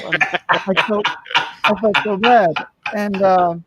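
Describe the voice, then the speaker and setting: A man co-hosting a podcast, telling a long personal story in a casual, animated way and acting out the people he quotes. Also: moderate pace, slight background noise, low-quality recording. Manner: animated, acts out quotes with raised pitch. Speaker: podcast co-host.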